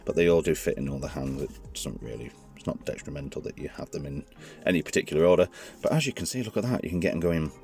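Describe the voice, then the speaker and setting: Deep-voiced man, chatty and rambling. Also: expressive, quick pace, vocal fry, hardly any pauses, darkish tone, soft background music. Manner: chatty, rambling, self-correcting. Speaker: toy reviewer. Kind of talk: casual hands-on review.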